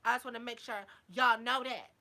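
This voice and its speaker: A woman's voice: a little high, steady tone, fairly quick, sharp tone. A woman vlogger talking casually to her viewers, sassy and blunt with heavy swearing, a little drunk. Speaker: YouTube vlogger. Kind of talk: casual live chat to viewers.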